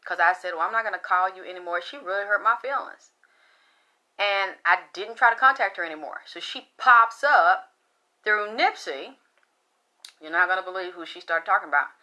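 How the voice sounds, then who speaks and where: A woman's voice: mid-range voice, moderate pace, pushed and bright, lo-fi sound. A middle-aged woman hosting a casual spiritual talk, blunt and profane, rambling with frequent restarts. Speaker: spiritual talk show host.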